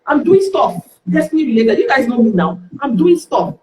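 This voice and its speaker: Nigerian woman guest, lively storyteller who voices the people in her stories; roomy, echoing recording. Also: sits high, moderate pace, a little hiss or hum. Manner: lively, acts out dialogue in the stories. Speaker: guest speaker. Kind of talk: candid storytelling on a live stream. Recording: roomy echo.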